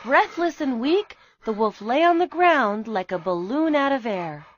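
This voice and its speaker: A woman narrating a children's storybook in an expressive, unhurried way. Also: on the high side, dry recording. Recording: slightly dull recording with music behind.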